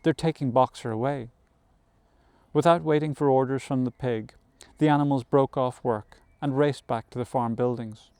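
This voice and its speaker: A man reads a classic novel aloud in a measured storytelling manner, sometimes correcting a slip. His voice sits at a middle pitch and sounds smooth and resonant. The recording is close and dry. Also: steady tone, mellow, no echo. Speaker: audiobook reader. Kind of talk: scripted narration of a novel.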